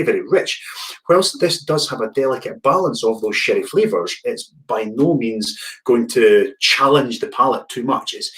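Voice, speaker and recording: A man with a mid-range voice hosts an online whisky tasting in a relaxed, chatty way, often repeating words as he searches for them. The audio comes through a video call microphone.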